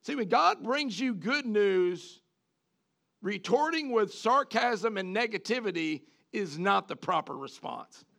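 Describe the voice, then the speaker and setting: High, gravelly male preacher. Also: measured pace. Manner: animated, repeats words, asks the congregation questions. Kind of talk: sermon.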